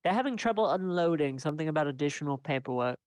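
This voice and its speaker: A man playing a tabletop game, speaking hesitantly in halting bits. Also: fairly high pitch, animated, darkish tone, clear, resonant tone, dry recording. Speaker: player. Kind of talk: casual play chat.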